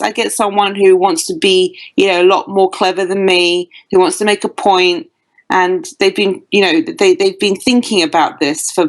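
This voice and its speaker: A British woman coaching on dating, speaking with sure, punchy confidence. She sounds like a remote podcast guest, at an ordinary middle pitch for a woman. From United Kingdom. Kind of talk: podcast interview.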